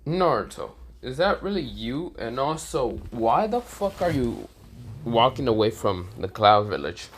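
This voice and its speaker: A man voicing a calm male ninja who asks quiet, puzzled questions in a fan-made story. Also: medium pitch, unhurried.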